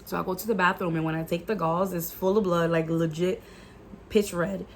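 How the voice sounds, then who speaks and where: A woman's voice: lowish voice, steady tone, fairly quick, a little hiss or hum. A woman telling a personal faith testimony in a casual vlog, earnest and emotional, with many "like" fillers and the odd Spanish phrase. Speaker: YouTuber sharing a faith testimony.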